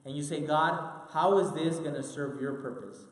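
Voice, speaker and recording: A man's voice: on the high side, steady tone, normal speed. A man giving an earnest sermon-style Bible teaching, repeating key lines for emphasis. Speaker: preacher. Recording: roomy with long hall reverb.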